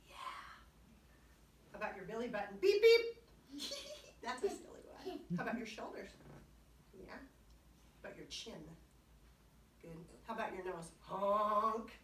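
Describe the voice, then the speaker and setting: A woman's voice: medium pitch, very animated, moderate pace, long pauses, slight background noise. A woman children's librarian leading a kids' music and movement class, cheerful and encouraging, with playful sound words. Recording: roomy sound from a distant mic.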